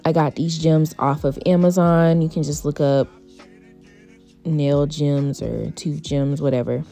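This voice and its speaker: A woman giving a chatty, relaxed tutorial voice-over as a beauty vlogger, full of casual fillers. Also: deep voice, a little slow, vocal fry, soft background music.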